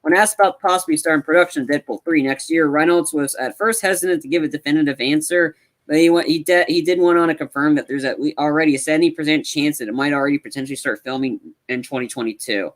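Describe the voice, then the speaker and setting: A man co-hosting a casual movie podcast, rambling and excitable, with many restarts. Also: fairly high pitch, quick pace. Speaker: podcast co-host.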